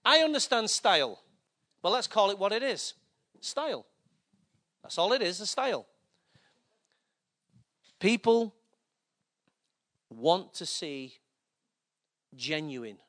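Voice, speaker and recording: Male preacher with a notably high, bright voice; casual, joking delivery that talks straight to the congregation. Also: sing-song, slow pace, long pauses. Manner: conversational, joking preaching with asides to the audience. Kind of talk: sermon.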